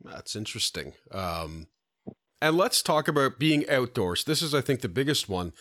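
A man's voice: medium pitch, sing-song, normal speed, bright, forceful tone, dry recording, clean studio sound. A man from Toronto hosting a casual interview and asking chatty, playful questions. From Toronto, Canada. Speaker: host.

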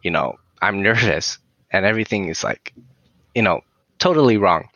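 A man's voice: lowish voice, lively intonation, moderate pace, sharp tone, no echo, dull audio. A Swedish man speaking English with a Swedish accent, telling a story as a musician guest in a rambling way, full of "you know" and small laughs. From southern Sweden. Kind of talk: casual storytelling.

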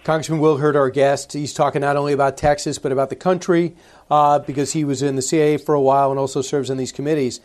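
A man's voice: a little high, flat delivery, fast, a little mellow. A male radio host interviewing a guest, pressing his points with emphatic, pointed questions. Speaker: radio talk show host.

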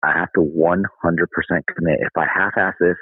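Deep-voiced, husky man, a candid podcast guest telling a story, thin phone-line sound. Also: steady tone, brisk, no echo. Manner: candid, conversational, says "dude". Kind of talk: casual storytelling.

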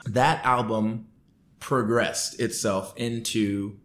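A man telling a story in a casual interview, acting out what people said in raised, lively voices. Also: lowish voice, takes it slowly, a little hiss or hum. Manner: animated, acts out quotes in raised voices. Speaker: podcast guest.

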